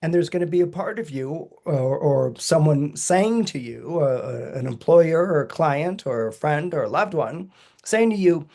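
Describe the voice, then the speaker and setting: A man on a podcast explaining astrology in an animated way, chuckling often and acting out quoted voices with big jumps in pitch. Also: moderate pace, gravelly.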